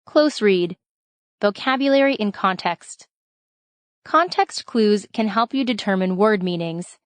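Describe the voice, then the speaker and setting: A woman reads a school lesson aloud in a clear, instructional way, with a mid-pitched voice. The recording is dry and close, with no room sound. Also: lively intonation, measured pace, no echo. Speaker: reader of a school reading lesson. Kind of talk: reading a story aloud with lesson prompts.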